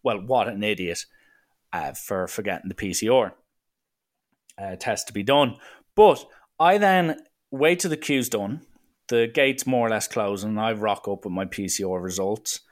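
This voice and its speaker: A man's voice: fairly low pitch, a little slow. Ranting Irish man telling a story. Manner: animated, exasperated, mocking and profane. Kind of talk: casual anecdotal rant.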